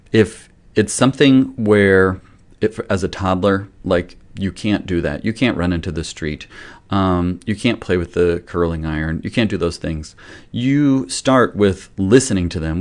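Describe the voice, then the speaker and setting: A man with a notably low voice talks parents through a discipline approach as a pediatrician. His delivery is casual and gentle, explaining step by step and correcting himself mid-thought in an easy, unscripted way. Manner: conversational, gentle, loosely self-correcting. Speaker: pediatrician giving parenting advice. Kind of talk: casual explanatory talk to camera.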